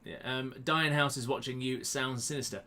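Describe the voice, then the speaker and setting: A man's voice: mid-range voice, steady tone, moderate pace, sharp tone. A man hosting a quiz live from a room at home, chatty and self-mocking as he greets viewers by name. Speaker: quiz host. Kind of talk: casual live-stream chat. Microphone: webcam close to the face.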